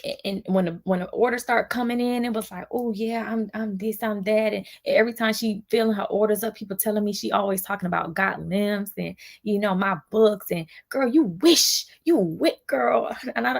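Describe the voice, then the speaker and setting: Woman, livestream rant, heated venting, gravelly voice. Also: mid-range voice. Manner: heated, fast, repetitive venting with frequent restarts. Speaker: vlogger on a livestream.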